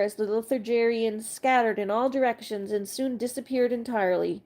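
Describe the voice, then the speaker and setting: A woman's voice: a little high, moderate pace, a little mellow. Lady reading a bedtime story, chatty, giggles a lot.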